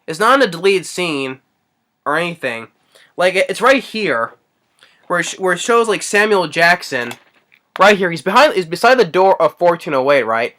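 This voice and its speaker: Bright-voiced man rambling through a film recap. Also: high-pitched, very animated, moderate pace. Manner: rambling, hesitant, heavy on fillers. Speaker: movie reviewer. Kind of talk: casual spoken movie recap.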